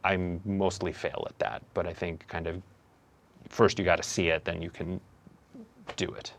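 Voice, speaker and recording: Young male comedian-host, low-pitched, thoughtful and halting, casual interview talk. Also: flat delivery, gravelly. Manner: reflective, hesitant, many fillers and restarts.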